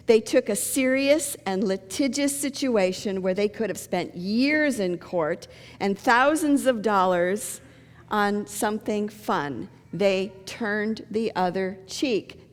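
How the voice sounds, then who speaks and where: Middle aged lady pastor telling funny stories, mid voice, long echo in the church. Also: mid-range voice. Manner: storytelling with jokes. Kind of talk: sermon. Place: church sanctuary.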